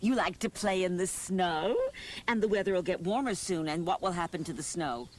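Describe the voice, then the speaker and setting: A woman voicing a patient, gently scolding mother while reading a storybook aloud to children. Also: on the low side, normal speed, background noise, pitched below the performer's own voice, close to an everyday voice.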